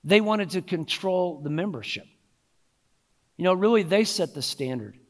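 High-voiced male pastor preaching. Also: animated, normal speed. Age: adult, married. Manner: conversational preaching with frequent "you know" and restarts. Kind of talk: sermon.

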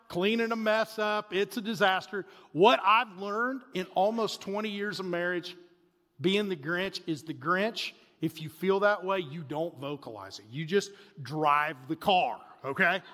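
In a reverberant hall, a pastor in his forties preaches a sermon, animatedly telling a family story. His voice sits high, and he swings between loud bursts and hushed asides.

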